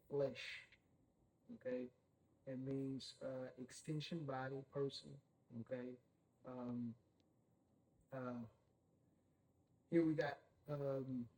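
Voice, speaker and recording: A man's voice: medium pitch, warm tone, low-quality recording. A man leading a Bible study, who keeps saying "okay?" and puts questions to his group. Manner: checks in with "okay?" constantly, asks the group questions.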